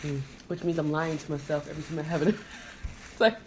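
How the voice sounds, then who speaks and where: A woman's voice: low-pitched, flat delivery, fast talker, a little mellow, a little hiss or hum. A woman who grew up in Trinidad, hosting a casual podcast while eating and chatting, laughing easily and talking with her mouth full. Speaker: podcast host.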